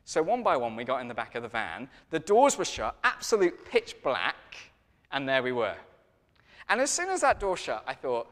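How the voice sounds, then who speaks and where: A man preaching a sermon in a lively, conversational storytelling way. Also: on the high side, brisk, big-room sound.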